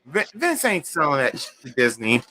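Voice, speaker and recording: A man hosting a casual livestream, chatting and ranting in an animated, exasperated way. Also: mid-range voice, normal speed, slight background noise. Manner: animated, exasperated rants with bursts of singing. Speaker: livestream host.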